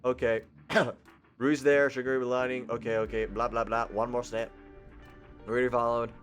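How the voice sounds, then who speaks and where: Young male gaming host, mid-pitched, loud and jokey, let's-play read-along with soft music underneath. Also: level tone, moderate pace. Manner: goofy, loud and sarcastic. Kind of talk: let's play reading a visual novel aloud.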